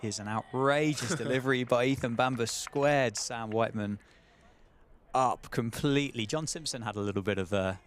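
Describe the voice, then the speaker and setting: A man's voice: medium pitch, normal speed. A man giving live ball-by-ball cricket commentary, chatty and often asking his co-commentator questions. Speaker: play-by-play commentator.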